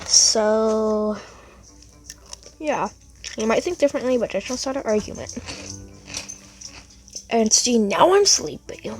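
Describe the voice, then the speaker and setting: A woman's voice: fairly high pitch, lively intonation, slow, long pauses, darkish tone, faint music behind. A woman casually commenting on a game she is playing, chatty, and cooing at and scolding her pet dog along the way. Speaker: gaming vlogger.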